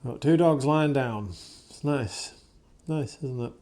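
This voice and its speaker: A man working as a dog trainer, speaking calmly and softly as he gently coaxes a wary dog, recorded on a camera mic indoors. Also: mid-range voice, slow. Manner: calm, soft-spoken, gently coaxing the dog. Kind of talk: casual running commentary during a dog session. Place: indoors, in a room with the dogs.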